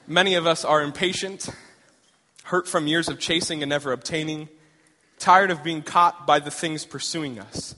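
A young male preacher delivering a sermon in an easy, conversational way, piling up rhetorical questions. His voice is bright and slightly high, and the sound carries a long hall reverb. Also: steady tone, normal speed. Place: large church hall. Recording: echoey hall.

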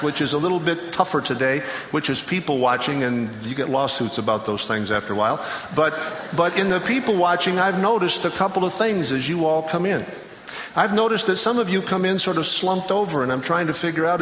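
A man's voice: a little high, fairly bright tone, slight background noise. A middle-aged man giving a folksy sermon in a chapel, telling stories and often restarting his phrases. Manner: folksy storytelling with repeated restarts. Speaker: chapel speaker. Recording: roomy chapel reverb, faint ambience.

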